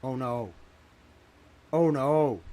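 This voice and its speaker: Drawing out his words in a mellow, medium-pitched voice, a man in his thirties hosts a livestream. He's panicked and profane, exclaiming and saying things over and over in an agitated monologue to his viewers.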